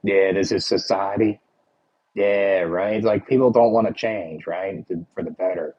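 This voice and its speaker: A man's voice: low-pitched, steady tone, measured pace, husky, highs cut off. A man with a Philadelphia accent chatting casually with his livestream viewers, rambling and full of "like" and "you know".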